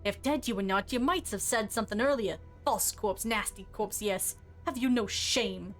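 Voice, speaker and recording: A woman's voice: mid-range voice, normal speed, soft background music, lightly acted. Grumbling sing-song hag, voiced by a woman streamer; sour, mutters to herself. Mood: muttering. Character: sour old woman corpse-robber, mumbling, sing-song.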